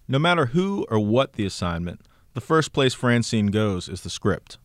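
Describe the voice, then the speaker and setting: A man reporting and narrating a scripted radio news feature in a measured, even way. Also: medium pitch, dry recording, clean studio sound. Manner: measured, even storytelling delivery.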